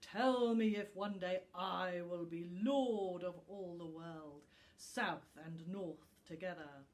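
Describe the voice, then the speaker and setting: A woman voicing a proud, angry male fire dragon in a storybook reading, booming out loud commands and snarls. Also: slow. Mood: commanding. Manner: rumbling, thundering commands and snarls.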